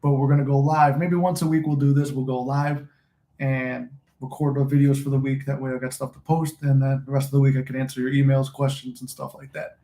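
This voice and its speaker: Smoking a cigar in a room at home, a manifesting channel host rambles through a casual livestream chat, loose and profane. His mid-range, warm voice is flat and fairly quick, recorded on a phone in an echoey room.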